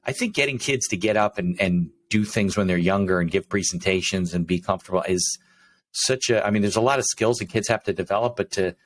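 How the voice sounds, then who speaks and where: A man's voice: low-pitched, a little fast, no echo. A man hosting a podcast, chatting casually, often affirming and musing aloud. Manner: frequent short affirmations, reflective musing. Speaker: podcast host. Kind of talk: casual interview chat.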